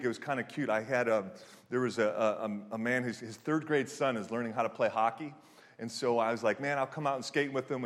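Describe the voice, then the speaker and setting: Storytelling pastor preaching in a reverberant hall. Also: male voice, mid-range voice. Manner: conversational storytelling with frequent restarts and fillers. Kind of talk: sermon.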